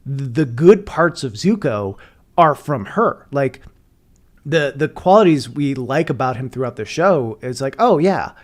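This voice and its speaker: A man's voice: mid-range voice, animated, unhurried. A man talking casually on a podcast, analytical and rambling with lots of filler words. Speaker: podcast co-host.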